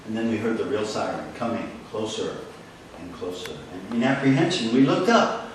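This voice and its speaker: A man with a voice on the low side delivers a dramatic, animated story on stage, using pauses for effect. The sound comes from a distant mic in a large echoey hall, with slight background noise.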